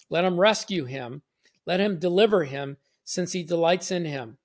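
A man hosting a short devotional, reading scripture aloud and explaining it in an earnest, conversational way with frequent restarts. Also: sits high. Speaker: podcast host and Bible teacher.

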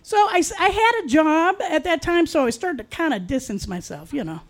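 High-voiced woman telling a wry true story. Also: expressive, fairly quick. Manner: wry, confiding, with dark humor. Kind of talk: personal storytelling.

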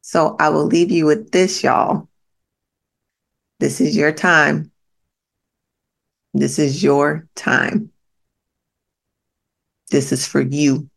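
Slow and steady, this woman's low-pitched voice carries vocal fry and frequent pauses. Hosting her podcast, she gives a profane, no-nonsense motivational monologue, emphatically repeating each point directly at whoever is listening.

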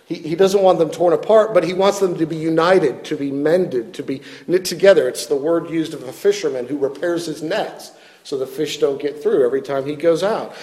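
Earnest preacher with a higher voice. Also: male voice, a little fast, mellow, big-room sound. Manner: earnest, self-deprecating, repeats words when stressing points. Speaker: pastor. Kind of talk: sermon.

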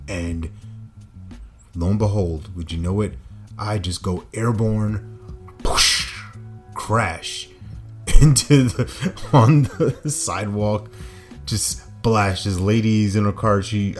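A man hosting a short motivational podcast, telling a personal story in an energetic way with laughter and playful sound effects. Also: sits low. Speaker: podcast host.

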